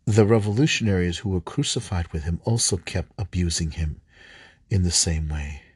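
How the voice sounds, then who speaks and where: A man reading scripture aloud, halting at times, stumbling and rereading lines. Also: deep voice, breathy edge, no room sound. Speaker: scripture reader.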